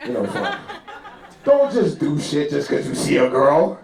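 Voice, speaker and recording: Male stand-up comic, animated storyteller, live-room echo. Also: on the high side, measured pace, creaky, distant mic. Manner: animated storytelling, acting out characters' voices. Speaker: stand-up comedian. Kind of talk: stand-up comedy set. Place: live club venue with audience. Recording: roomy live venue sound.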